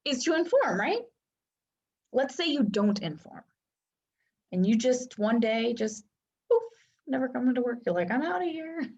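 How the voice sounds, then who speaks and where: A woman coach teaching in a casual, chatty way and often checking in with listeners. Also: medium pitch. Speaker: Human Design coach. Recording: dull lo-fi sound.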